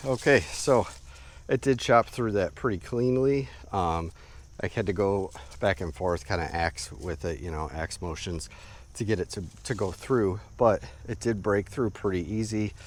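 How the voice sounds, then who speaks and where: A man casually narrating an outdoor knife test, relaxed and rambling with lots of fillers, outdoors in the woods. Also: on the low side, unhurried. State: a bit out of breath. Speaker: outdoor gear reviewer.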